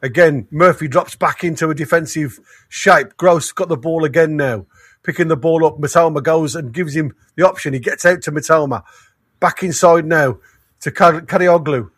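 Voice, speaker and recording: A man giving excited, partisan live match commentary, his voice going hoarse. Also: a little high, dry recording, studio quality. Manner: excitable, rapid, restarts sentences. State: losing his voice. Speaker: fan commentator.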